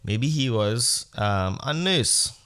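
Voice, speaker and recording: A man's voice: medium pitch, animated, slow, fairly bright tone, smooth. A man hosting a podcast, telling a comedic story in a rambling, profane, mock-earnest way. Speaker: podcast host.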